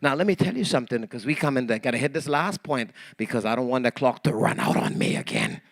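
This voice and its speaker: A man preaching a sermon, telling a story with animated swings between hushed and loud delivery and acting out the voices of others. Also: mid-range voice, fast, no echo, clean studio sound. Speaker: pastor.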